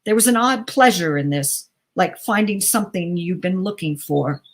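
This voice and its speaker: A woman reading a short story aloud in a measured, even narrating voice for a theatre's live-stream reading. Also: fairly low pitch. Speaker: reader. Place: local theatre livestream.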